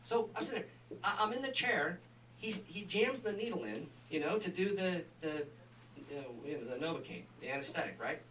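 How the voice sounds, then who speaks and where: A man doing stand-up, telling a story with animated asides and acted-out quotes. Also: high-pitched, moderate pace. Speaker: stand-up comedian. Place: live comedy venue. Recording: echoey room, far from mic, audience noise.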